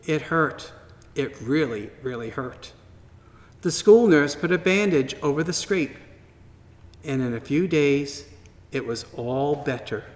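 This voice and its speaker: A man slowly and gently reading a children's story aloud at church, in a wondering tone with pauses. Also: a little high, expressive. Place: church sanctuary. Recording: long reverb from a large hall.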